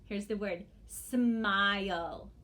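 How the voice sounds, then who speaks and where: A woman teacher giving a phonics lesson to young children, stretching words out slowly and checking in with a gentle "okay?" after each step. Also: medium pitch. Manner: slow, exaggerated, sing-song teacher talk to young children.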